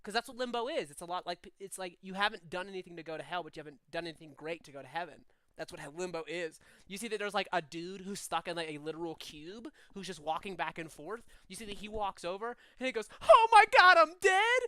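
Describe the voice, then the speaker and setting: A man's voice: high voice, fast, hardly any pauses, fairly bright tone, smooth, no echo. A man narrating as game master of a tabletop game, rambling loosely with lots of "like".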